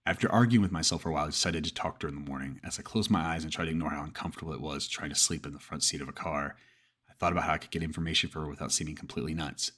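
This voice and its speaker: A man with an extremely low, deep voice narrates a first-person horror story. He reads at a brisk clip in a steady way and now and then stumbles and restarts a word. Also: slightly rough.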